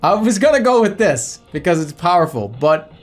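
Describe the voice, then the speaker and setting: A man streaming a game, ranting in an exasperated, animated way with lots of swearing. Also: high-pitched, moderate pace, faint music behind. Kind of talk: live game streaming rant.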